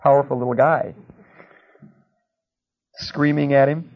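A man's voice: mid-range voice, fairly even intonation, measured pace. Male preacher, storytelling teacher, tinny phone-quality recording. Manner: checks in with "okay?", tells anecdotes. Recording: narrow, tinny phone-like sound.

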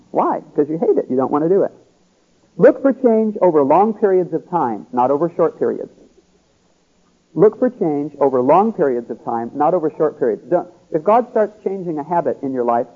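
A man preaching in a relaxed, conversational way, pausing to ask his listeners "See?" and "Okay?". His voice sits a little high and sounds husky. The sermon comes through a thin, phone-like radio broadcast. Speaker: pastor. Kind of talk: sermon teaching.

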